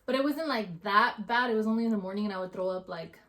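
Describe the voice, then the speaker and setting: A woman's voice: mid-range voice, fast talker, a bit bright. A young adult woman chatting casually as a vlogger, with lots of filler words. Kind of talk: casual chat.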